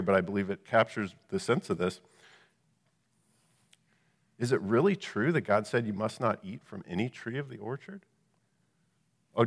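A man's voice: on the low side, fairly bright tone, in a large hall. A man preaching a Bible lesson, explaining verses and asking rhetorical questions. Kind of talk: Bible teaching.

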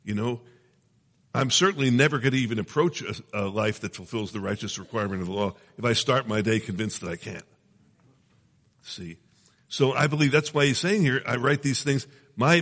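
A man's voice: mid-range voice, fairly bright tone, in a large hall. A man preaching a sermon in a conversational teaching manner, often checking in with his listeners. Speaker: pastor.

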